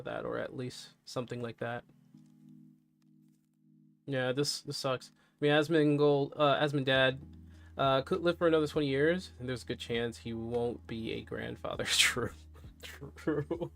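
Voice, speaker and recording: A man talks casually on a live stream, candid and a little subdued as he reacts to news and to messages from his chat. His voice sits at a middling pitch, with faint music playing underneath.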